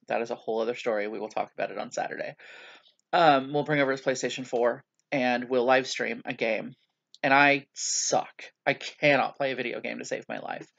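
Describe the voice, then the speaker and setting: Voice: mid-range voice, dull audio. A vlogger talking through a casual video journal, rambling and self-mocking, with many hesitations and restarts.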